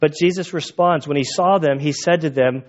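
Conversational preacher, slightly high voice. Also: male voice, moderate pace, lo-fi sound. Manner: conversational, animated retelling with acted quotes. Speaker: pastor. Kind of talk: sermon.

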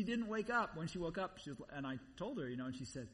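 A man preaching a sermon in a conversational, animated way, repeating phrases for emphasis. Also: on the high side, fast talker, hardly any pauses. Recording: long reverb, voice somewhat far from mic.

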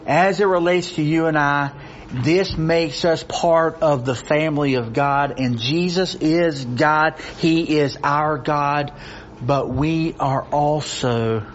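A man's voice: on the high side, slow pace, a little hiss or hum. A man preaching a sermon, reading scripture with rising intensity and pressing his points through repetition. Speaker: pastor. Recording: dull lo-fi recording with faint ambience.

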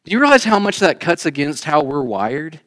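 A man delivers a sermon from the front of a church. His voice sits a little high for a man. He swings between raised, emphatic lines and quiet, chatty asides to the congregation. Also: sing-song, normal speed. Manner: conversational preaching, rising emphatic then quiet asides. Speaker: pastor. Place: church sanctuary.

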